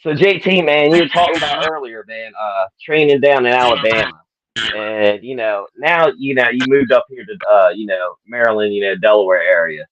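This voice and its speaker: A man's voice: medium pitch, moderate pace, crowd noise. Laid-back Southern man interviewing. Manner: laid-back, lots of fillers, laughs often. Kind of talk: casual interview chat. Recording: dull lo-fi audio.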